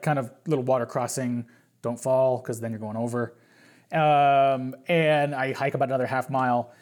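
A man's voice: mid-range voice, a little mellow. Man telling a rambling travel story. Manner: rambling, many fillers and restarts. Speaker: podcast guest. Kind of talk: casual storytelling.

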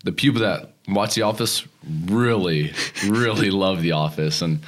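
A man's voice: deep voice, normal speed. A young man from Texas, a guest in a casual interview, rambling with lots of "you know" and restarts and laughing easily. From Texas, near Houston.

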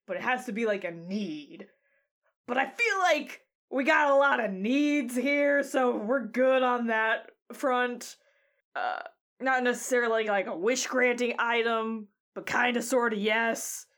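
A woman narrating a tabletop game as game master, halting with many restarts, admitting her tone sounds flat. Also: on the high side.

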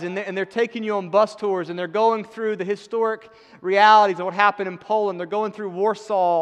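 Higher-voiced guy preaching, chatty and emphatic with dry little jokes, lots of hall echo. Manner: conversational, emphatic, wry asides. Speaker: pastor. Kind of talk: sermon. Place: church sanctuary. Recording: long hall reverb.

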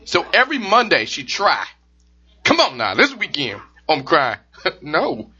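A man riffs through comedic stories in a high, lively voice that swings up and down as he jokes. The tone is very bright, and the audio sounds muffled and lo-fi. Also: measured pace, husky. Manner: animated, joking storyteller, playful voices. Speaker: podcast co-host. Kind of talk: casual comedic chat. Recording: dull lo-fi sound.

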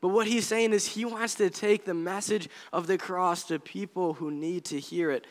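A man's voice: sits high, fairly even intonation, normal speed. A man preaching a sermon in an earnest, conversational way, as a pastor speaking to his congregation. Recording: long hall reverb.

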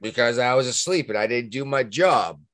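A man with a Massachusetts accent co-hosting a podcast in casual chat, talking in an animated way that jumps high when he gets worked up. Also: normal speed. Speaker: podcast co-host.

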